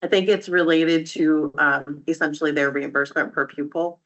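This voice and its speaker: A man's voice: fairly high pitch, steady tone, moderate pace, a bit bright. A man at a public board meeting who asks clarifying questions and answers with hesitant fillers. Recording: dull lo-fi meeting recording.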